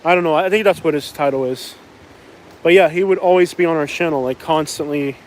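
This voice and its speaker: A man's voice: on the high side, fairly quick, slight background noise. Rambling Florida man on a night walk. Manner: rambling, laughs often, chatty. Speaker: vlogger live streaming. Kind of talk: casual night-walk live stream chat. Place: outdoors at night in a small town.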